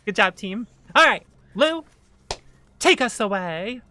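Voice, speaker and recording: A woman's voice: medium pitch, animated, slow, bright, forceful tone. A woman hosting a tabletop game stream, playful and self-deprecating, laughing often. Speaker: host.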